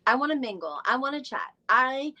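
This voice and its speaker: A woman's voice: sits high, lively intonation, a little fast, sharp tone, slight background noise. Chatty woman rambling on a live stream. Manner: chatty, rambling, thinks aloud while searching online; mild swearing, frequent fillers. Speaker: podcast host doing a live recap. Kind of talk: casual live-stream chat.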